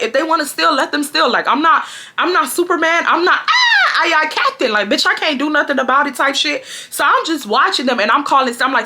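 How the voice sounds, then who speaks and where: Young woman, twenties, from Texas, casual storytime, bright tone, animated, slangy. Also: fairly quick. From Houston, Texas. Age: 20s. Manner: animated, slangy, swings into high shouted quotes. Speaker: storytime vlogger.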